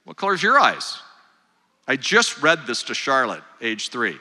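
Older male speaker, bright voice, casual joking delivery to a live room, long hall reverb. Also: mid-range voice, huge pitch swings, measured pace. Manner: conversational and joking, engages the audience directly. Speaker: speaker at a mothers' group. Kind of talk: live talk to an audience. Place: large hall with live audience.

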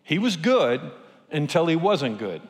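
A pastor preaching a sermon, telling stories and asking rhetorical questions. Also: male voice, on the high side, a little slow, in a large hall. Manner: lively storytelling with rhetorical questions.

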